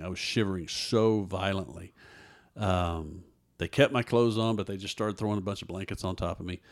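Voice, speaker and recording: A man, a guest earnestly telling a personal story in an interview and acting out what others said. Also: sits low. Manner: earnest storyteller who acts out others' dialogue.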